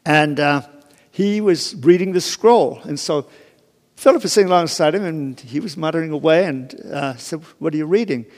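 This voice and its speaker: A man's voice: fairly high pitch, normal speed, darkish tone. A man giving an informal sermon, retelling a Bible story conversationally, with many restarts and asides. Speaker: preacher. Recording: long hall reverb.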